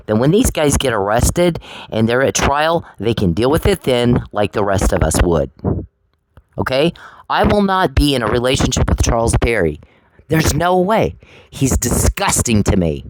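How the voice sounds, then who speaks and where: A vlogger delivers an angry direct-to-camera rant at an adversary, confrontational, sarcastic and profane, often repeating herself. Her voice is very deep, and the rough recording carries a little hiss or hum.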